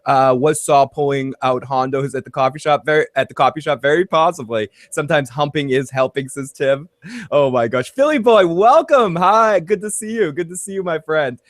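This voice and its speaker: A man with a fairly high voice hosts a loose TV recap show. He reads chat comments aloud and talks in rambling bursts, often restarting his sentences. The sound is dry and close. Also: normal speed, no room sound. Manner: rambling, repeats words as he restarts. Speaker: host reading live chat.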